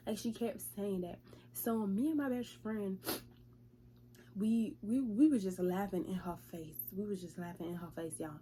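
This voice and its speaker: A young woman vlogger in casual storytime, retelling events in a profane, chatty, lively way. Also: mid-range voice, moderate pace, a little hiss or hum.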